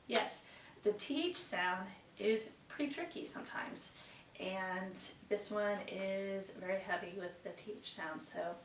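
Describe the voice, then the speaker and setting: A woman with a medium-pitched voice speaks a little slowly, recorded from a distance. She teaches English pronunciation to a class, praises her students often, and recites tongue twisters carefully. The room echoes noticeably, her voice sits away from the mic, and there's faint background noise.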